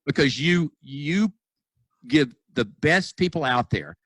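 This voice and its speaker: Animated storytelling man, dry sound. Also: on the high side, takes it slowly, dry recording, rough recording. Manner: animated storyteller, acts out quoted dialogue; frequent restarts and repeated words. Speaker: dentist and practice consultant guest. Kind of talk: casual podcast conversation.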